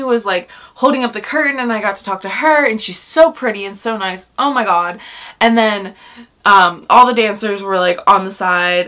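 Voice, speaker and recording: Gushing young woman telling a story. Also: medium pitch. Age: young adult. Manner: gushing, animated, lots of "like" and "oh my god". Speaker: vlogger. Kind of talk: storytime vlog.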